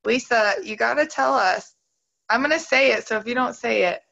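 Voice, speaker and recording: Gravelly-voiced woman leading a video call. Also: a little high, normal speed, a bit bright, dull audio. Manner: emotional, upbeat, talks straight to the group. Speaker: team leader hosting a video call. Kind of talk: motivational talk on a video call.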